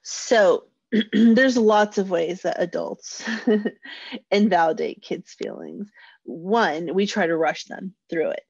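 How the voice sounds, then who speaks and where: A woman talks parents through a lesson, now and then popping into little acted lines of a parent or child. Her voice is husky and slightly breathy. The recording is close and dry with a dull, lo-fi sound. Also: fairly low pitch, slow pace, a little mellow, dry recording. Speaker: parenting educator. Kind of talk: informal parenting workshop talk.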